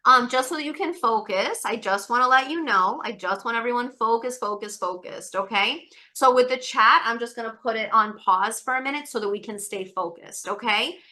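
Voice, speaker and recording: Bright high-pitched woman tutor. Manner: encouraging, repetitive, coaxing students; rapid asides, many fillers. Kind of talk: online test-prep webinar.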